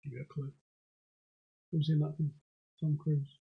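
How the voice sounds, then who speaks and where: A man's voice: a little high, monotone, moderate pace, husky, narrow, tinny audio. A young man hosting a pub quiz livestream from home, jokey and sweary as he reads out comments on a desk microphone. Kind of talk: casual livestream banter.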